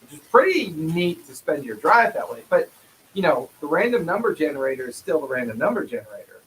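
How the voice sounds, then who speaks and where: A man's voice: on the high side, sing-song, fairly quick, a bit bright, a little hiss or hum, poor audio. A man running a tabletop game, patiently explaining dice rules and laughing easily. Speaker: game master. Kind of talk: casual tabletop game talk. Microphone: streaming setup mic.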